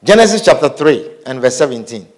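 A male preacher with a high, lively voice and measured pace gives a sermon, reading scripture aloud and repeating phrases for emphasis. He frequently pauses to put questions to the congregation.

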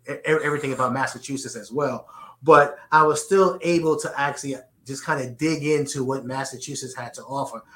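Speaking with a medium-pitched, pushed and bright voice, this Bronx-born interview guest answers earnestly in his New York accent. He repeats words frequently as he works out his phrasing, and the recording is reverberant.

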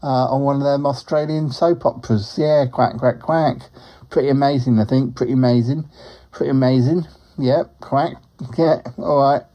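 A man's voice: mid-range voice, steady tone, moderate pace, dull audio, natural voice. A man voicing a chatty, lonely male talking duck who rambles and drops quacks into his speech. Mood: rambling. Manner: rambling, drops in quacks, laughs at own jokes. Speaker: show regular. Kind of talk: comic character monologue.

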